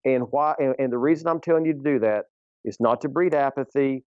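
A man's voice: mid-range voice, fairly quick, dry recording, highs cut off. A man, a guest author on a faith podcast, speaking emphatically and issuing a challenge, with frequent restarts.

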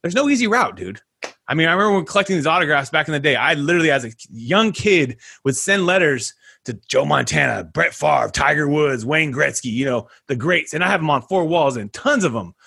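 A man hosting a casual podcast, energetic and slangy, calling listeners dude and guys. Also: a little high, brisk, vocal fry, slightly rough. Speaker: podcast host.

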